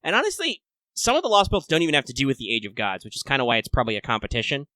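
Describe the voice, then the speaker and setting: A man with a bright, forward voice co-hosts a casual fan podcast. He talks in a chatty, playful way, breaking into excited little asides. The sound is dry and close, with no room around it. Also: mid-range voice, very fast, dry recording. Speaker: podcast co-host.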